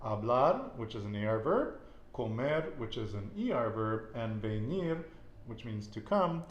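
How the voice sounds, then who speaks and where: Very animated yet unhurried, this man's mid-range voice comes through with lo-fi sound in an echoey room with faint noise. He's teaching Spanish, patiently quizzing a student and echoing her answers with encouragement.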